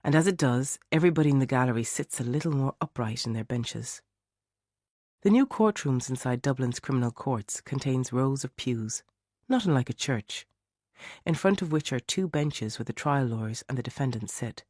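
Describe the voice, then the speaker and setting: A man narrating a mystery thriller audiobook in a measured storytelling way. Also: mid-range voice, expressive, darkish tone, no echo, clean studio sound. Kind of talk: scripted narration.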